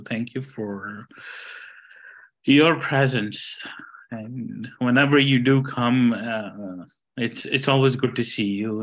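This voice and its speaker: A middle-aged man from India sharing a story in a casual group talk, halting and self-deprecating, laughing at himself. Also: mid-range voice, creaky, poor audio. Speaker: sangha member being appreciated.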